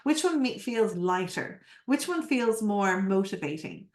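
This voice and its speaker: A woman coach giving a live presentation, energetic and full of rhetorical questions to her audience. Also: medium pitch, unhurried, hardly any pauses. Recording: roomy echo.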